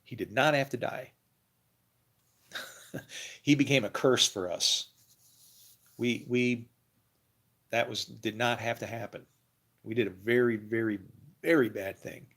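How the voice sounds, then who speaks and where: A man's voice: mid-range voice, steady tone, unhurried, pauses often, a bit bright. A man talking casually to his viewers about faith, rambling and laughing often as he thinks aloud. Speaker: religious video creator. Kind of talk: casual monologue to camera.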